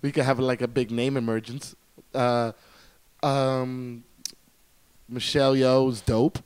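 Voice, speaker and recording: A man's voice: mid-range voice, little pitch movement, takes it slowly, a little mellow, clean tone. A man chatting casually as a guest on a podcast, enthusiastic and rambling with lots of fillers. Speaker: guest reviewer.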